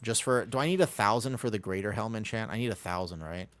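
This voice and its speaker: Man, American, slightly low voice, casual gaming stream chat, rambling, hums, desk mic. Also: fast, a bit bright, no echo. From United States. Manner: rambling and chatty, hums to himself. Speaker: live streamer.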